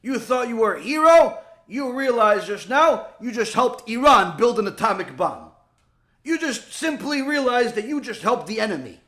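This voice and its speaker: High-voiced rabbi telling animated stories. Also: male voice, moderate pace. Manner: animated storytelling, acts out dialogue. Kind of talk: Torah lecture.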